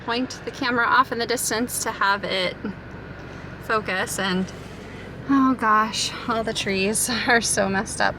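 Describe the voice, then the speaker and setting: A woman's voice: on the high side, measured pace. A mother from Florida chatting casually to camera in a family vlog, giggly and easygoing. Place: at home and in a car. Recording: noticeable background noise.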